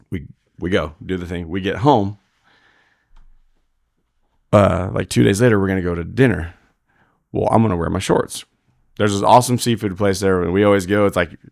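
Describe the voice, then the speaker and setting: A man's voice: deep voice, creaky, no echo, clean studio sound. A man who is a rodeo roper and father, a podcast guest telling blunt, profane stories full of quoted dialogue in a casual interview.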